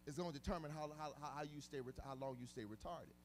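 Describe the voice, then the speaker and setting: A male pastor delivering a sermon in a fairly high voice. He preaches emphatically, hammering on repeated words and moving between hushed asides and loud shouts. His speech is casual and colloquial. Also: fast, a little hiss or hum.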